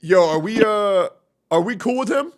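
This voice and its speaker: A man's voice: high voice, expressive, moderate pace. A young man streaming, chatting casually in a brash, profane, rambling way.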